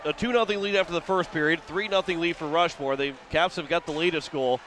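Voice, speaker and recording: A man from Missouri with a fairly high voice calls radio hockey play-by-play, narrating every pass in a quick running patter. His voice climbs and gets louder as a shot develops, and a faint hiss sits under the broadcast. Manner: rapid running description, rising with the action. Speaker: play-by-play announcer.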